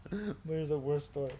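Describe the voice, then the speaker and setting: A young man casually telling crude stories on a podcast, sliding from low mumbles into loud, animated outbursts. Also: a little hiss or hum. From Brazil. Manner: animated, gets loud and laughing when telling wild stories. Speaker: podcast co-host. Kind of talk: casual storytelling chat.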